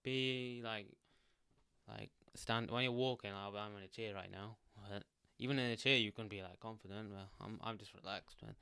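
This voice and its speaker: A man's voice: on the low side, normal speed, vocal fry, clear, resonant tone. A man sitting in a chair, giving casual self-help advice into a desk microphone in a loose, rambling way with lots of fillers. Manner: rambling, lots of "like", restarts, relaxed. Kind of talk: casual solo advice talk.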